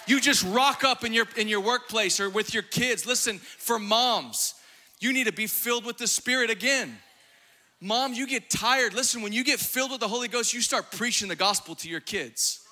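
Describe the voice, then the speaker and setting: A man preaching a fiery, exuberant sermon, at times shouting and laughing. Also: high-pitched, normal speed, a little hiss or hum. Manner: acts out quoted voices in his preaching.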